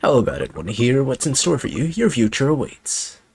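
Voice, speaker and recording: A man's voice: mid-range voice, sing-song, creaky, breathy edge, full character voice. A man reading out a theatrical young woman fortune teller in a video game, drawing out words mysteriously. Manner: dramatic, mysterious, drawn-out.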